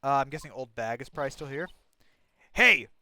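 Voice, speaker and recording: A man's voice: mid-range voice, fairly even intonation, rapid-fire, fairly bright tone. Man thinking aloud over a game. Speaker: gameplay narrator. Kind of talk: casual let's-play commentary.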